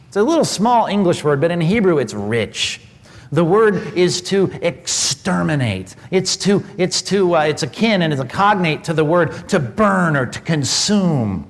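A male pastor preaching an emphatic sermon, swinging between loud stress and hushed, quiet lines. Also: a little high, big pitch swings, a little slow. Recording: broadcast sermon with long hall reverb.

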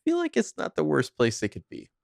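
A man's voice: fairly high pitch, huge pitch swings, brisk, gravelly, no echo, clean studio sound. A man co-hosting a podcast, rambling through a TV recap in a laid-back, wry way. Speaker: podcast co-host. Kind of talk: casual TV recap chat.

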